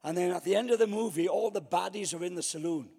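A man's voice: high voice, quick pace, gravelly, warm tone, breathy edge, big-room sound. A man preaching a storytelling sermon, acting out his own past thoughts.

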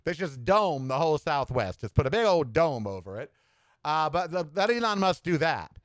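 A man's voice: fairly high pitch, big pitch swings, normal speed, dry recording, clean studio sound. A man hosting his own podcast, delivering sassy, campy political commentary and calling listeners "honey.". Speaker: podcast host. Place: Southwest US home studio.

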